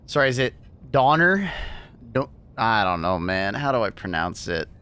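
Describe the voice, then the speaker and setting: A man chatting casually on a livestream, laughing often and thanking viewers excitedly. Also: fairly low pitch, normal speed, smooth. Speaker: streamer.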